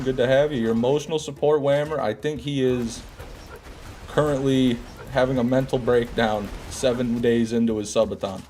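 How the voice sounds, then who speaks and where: A man's voice: mid-range voice, fairly even intonation, moderate pace, warm tone, slight background noise. Joking man streaming a game. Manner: joking, sarcastic banter with chat. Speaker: streamer reading chat. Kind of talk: casual live-stream commentary.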